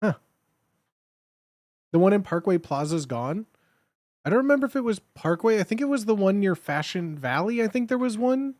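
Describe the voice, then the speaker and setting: A man's voice: sits high, sing-song, normal speed, long pauses, a little mellow, dry recording, studio quality. A young man streaming, chatting casually and rambling, with lots of fillers and restarts. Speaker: live streamer reading chat. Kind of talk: casual chat.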